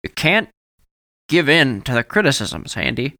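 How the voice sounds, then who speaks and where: A man's voice: medium pitch, very animated, measured pace, bright, forceful tone, voice pushed up, heavily acted. A man voicing a nervous, fretful middle-aged male editor who talks anxiously in a raised, pleading voice. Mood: earnest. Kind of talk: audiobook character voice.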